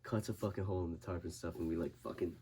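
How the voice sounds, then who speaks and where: A man's voice: low-pitched, steady tone, rapid-fire, dark tone, a little hiss or hum. A young man in casual podcast chat, telling a story full of swearing and acting out his friend's panic. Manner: swears constantly, acts out friends' panicked voices. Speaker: podcast guest, boxer.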